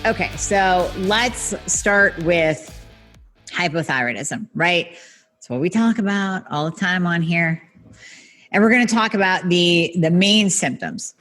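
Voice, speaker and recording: A woman's voice: lowish voice, a little slow, fairly bright tone, faint music behind. A woman hosting a solo health podcast, talking straight to her listeners in a blunt, emphatic way with some mild swearing. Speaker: podcast host and functional medicine practitioner.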